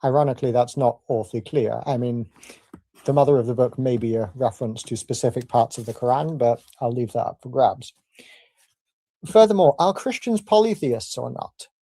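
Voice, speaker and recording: A man with a gravelly, mellow voice works through a formal debate rebuttal point by point. He argues in a measured, deliberate way. The sound is close and dry, with no room around it. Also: medium pitch, no echo. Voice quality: measured, argumentative delivery.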